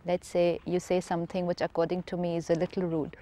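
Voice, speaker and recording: A woman's voice: on the low side, monotone, fast, mellow. A woman in a spiritual talk show conversation, explaining patiently and repeating key phrases for emphasis. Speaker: spiritual teacher.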